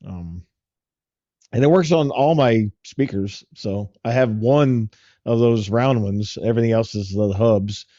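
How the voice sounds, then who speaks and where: A man co-hosting a tech podcast in casual, relaxed chat, rambling with fillers. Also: fairly low pitch, a little slow, no echo, highs cut off. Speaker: podcast co-host.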